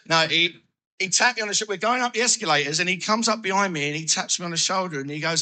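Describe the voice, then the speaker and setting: Man, recovery share, animated storyteller, sharp bright tone. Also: high voice, fast. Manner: animated storytelling, acting out his own thoughts. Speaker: recovery speaker. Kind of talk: personal recovery testimony.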